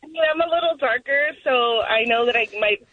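A woman's voice: fairly high pitch, fairly quick, no room sound. A woman calling in to a radio show, bluntly confessing in a self-deprecating way. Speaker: caller. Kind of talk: phone-in confession. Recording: tinny phone line.

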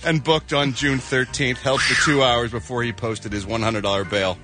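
A man's voice: mid-range voice, fairly even intonation, moderate pace, sharp tone, faint music behind. A man reporting entertainment gossip on a radio show, with sarcastic and playful banter into a studio microphone.

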